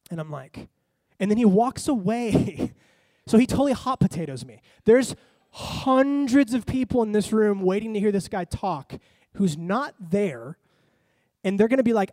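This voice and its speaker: A man pastor preaches in a storytelling way, acting out his own reactions as he goes. His voice sits a little high but has a mellow, warm tone. The sound is close and dry. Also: normal speed, no room sound. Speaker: lead pastor. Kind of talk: storytelling sermon.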